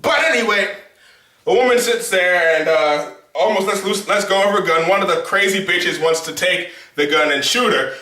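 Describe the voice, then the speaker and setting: A young man reviewing a movie in a loud, profane, animated rant, often shouting his reactions. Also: high voice, distant mic. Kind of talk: casual ranting movie review. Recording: echoey room, off mic.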